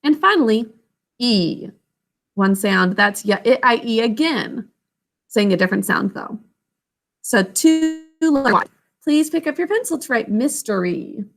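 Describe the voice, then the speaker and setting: A woman teaching a children's spelling lesson, sounding out words letter by letter and syllable by syllable in a slow, patient way. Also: fairly high pitch, lively intonation, vocal fry, a bit bright. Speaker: literacy teacher.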